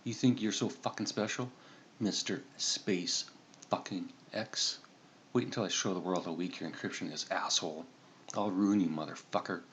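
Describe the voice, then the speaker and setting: A man's voice: deep voice, normal speed, fairly bright tone, slight background noise. A man doing a seething hacker rant. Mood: furious ranting. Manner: swearing, ranting. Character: seething male hacker yelling at a screen.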